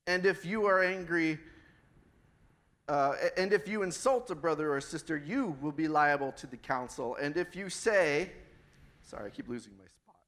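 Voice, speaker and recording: A man's voice: a little high, moderate pace, a bit bright. A middle-aged man preaching a sermon in a conversational way, asking the congregation questions. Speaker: pastor. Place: church before a congregation.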